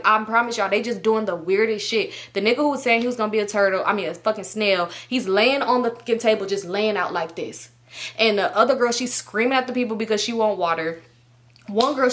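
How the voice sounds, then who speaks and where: A young woman vlogger casually telling a story, swearing freely and jumping into high-pitched voices when she quotes people. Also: pushed and bright.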